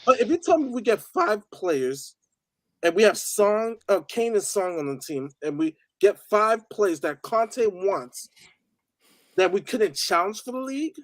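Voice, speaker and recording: An excitable man on a football panel over a video call. His voice is high and swings up and down a lot. The sound is dry and close. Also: measured pace, no echo. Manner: excitable, hopeful. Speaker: guest panelist. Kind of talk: casual football chat.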